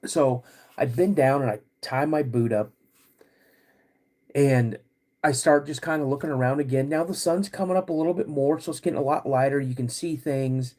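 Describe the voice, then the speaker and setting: A man hosting a podcast, recounting a personal story in a halting, vivid way with many restarts. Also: mid-range voice, dark tone. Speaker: podcast host.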